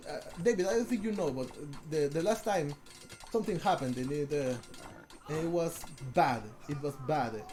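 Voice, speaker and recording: Lively, excitable male game streamer. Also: a little high. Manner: excitable, talks to chat, many restarts and repeats. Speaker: streamer casting a strategy game. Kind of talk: live stream game commentary.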